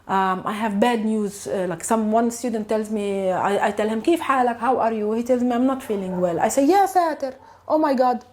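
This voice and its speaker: A woman with a Palestinian Arabic accent, teaching a casual online language lesson, animated and laughing often as she acts out exclamations. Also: fairly high pitch.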